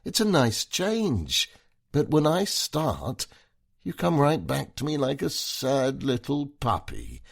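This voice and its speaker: A man voicing a tipsy, sharp-tongued corporate wife who mocks and taunts her husband in a slurred voice. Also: medium pitch, huge pitch swings, slow pace, creaky, breathy edge, voice pushed up, exaggerated voice. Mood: taunting.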